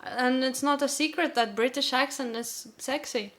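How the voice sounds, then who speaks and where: Lithuanian-born woman chatting haltingly. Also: high voice, fairly bright tone. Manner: hesitant, restarts often, laughs easily. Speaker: podcast co-host. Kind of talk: casual chat.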